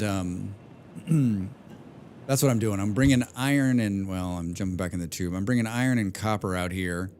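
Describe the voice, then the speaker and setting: A man's voice: medium pitch, a little mellow, a little hiss or hum. Rambling, chatty man streaming a game. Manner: rambling, chatty, hums and mutters to himself, swears casually. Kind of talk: casual live-stream chat while playing.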